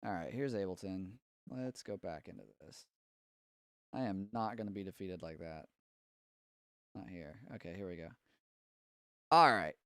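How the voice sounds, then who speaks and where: A man's voice: sits low, moderate pace, pauses often, fairly bright tone, clear, resonant tone, dry recording, clean studio sound. A man from Tennessee, hosting a casual live stream about mixing and rambling loosely while he fixes his setup. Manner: rambling, distracted while fixing his setup, frequent fillers.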